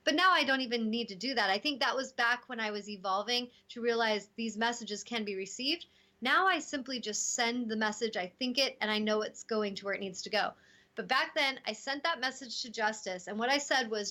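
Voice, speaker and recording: A woman hosting a casual spiritual talk show, telling stories with lively acted-out quotes. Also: on the high side, fairly quick. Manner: animated storytelling, acting out voices in quotes. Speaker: host.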